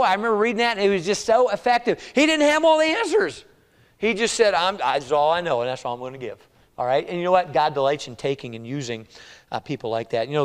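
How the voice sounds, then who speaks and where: A man's voice: fairly high pitch, clear, resonant tone, in a large hall. A man preaching a sermon as pastor, talking in a conversational way and acting out quotes of doubting believers.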